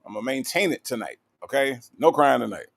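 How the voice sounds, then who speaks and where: A man runs a relaxed livestream, greeting viewers and reading their comments aloud. He talks in an animated, teasing way, full of fillers, and keeps checking in with a quick "okay?". His voice sits at an ordinary pitch for a man. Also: creaky. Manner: animated, playful, with lots of "okay?" tags and fillers. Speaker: livestream host.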